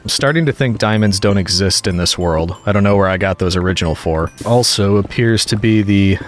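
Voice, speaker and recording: A man's voice: fairly low pitch, fairly quick. A man giving chatty, jokey let's play commentary, talking to the game's monsters as he plays. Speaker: gaming commentator.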